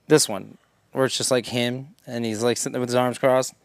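Gravelly joking man. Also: medium pitch, fairly even intonation, a little fast, dry recording, studio quality. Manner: joking, laughs often, slips into silly impressions. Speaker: podcast co-host. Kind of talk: casual chat.

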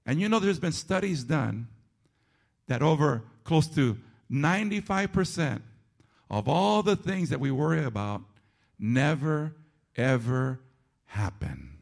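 A male pastor preaching a sermon, calling out to the congregation and repeating phrases for rhythm, swinging between loud and hushed. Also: on the high side, very animated, unhurried, creaky, pauses often. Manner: calls out to the congregation.

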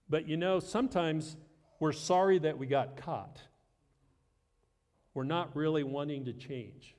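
A man's voice: on the high side, a little mellow, in a large hall. A middle-aged man preaching a sermon as pastor, conversational and self-deprecating with light humor.

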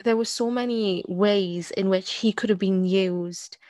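A woman's voice: medium pitch, fairly even intonation, unhurried, darkish tone, no room sound. A woman co-hosting a casual discussion podcast, talking in a hesitant way with many restarts and repeated words. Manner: hesitant, repeats words, frequent "you get what I mean". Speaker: podcast co-host.

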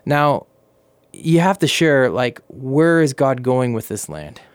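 A man, a pastor, interviewing a guest in a relaxed talk, rambling with many fillers and restarts. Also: medium pitch, slow pace, clear, resonant tone, no echo. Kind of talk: casual faith interview.

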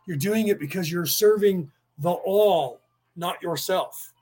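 High-voiced man giving a rambling spiritual talk. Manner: slow, deliberate, with many restarts and chanted incantations. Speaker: spiritual speaker.

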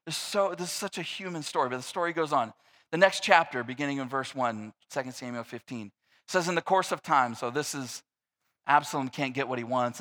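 A man preaching a sermon, retelling scripture and acting out its characters with playful, joking asides. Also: mid-range voice. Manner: animated, acts out scripture characters in a mocking voice. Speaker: pastor.

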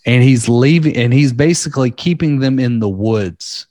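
A man co-hosting a podcast, rambling casually and swearing as he tells a dark story. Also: medium pitch, moderate pace, dry recording, clean studio sound. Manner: rambling, profane, laughing at dark material. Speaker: podcast co-host.

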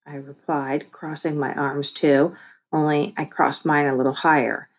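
A woman reading a children's novel aloud with lively, expressive storytelling. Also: deep voice, normal speed. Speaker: audiobook reader.

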